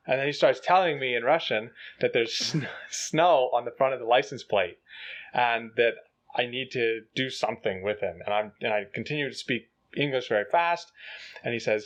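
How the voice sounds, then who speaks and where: Young man, co-host, animated storyteller who acts out the quotes; mid-pitched voice on a dull, lo-fi recording. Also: normal speed. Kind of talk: casual storytelling chat.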